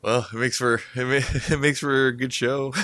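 A man's voice: mid-range voice, fairly even intonation, no echo. A man chatting casually, laughing often as he tells short stories. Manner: laughs often, slow and quiet. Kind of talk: casual chat.

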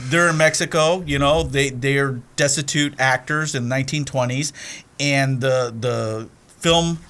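A man co-hosting a casual podcast chat about old comedy films, retelling scenes in an animated way. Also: medium pitch, a little slow, smooth. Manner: animated storyteller, acts out scenes. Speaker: podcast co-host.

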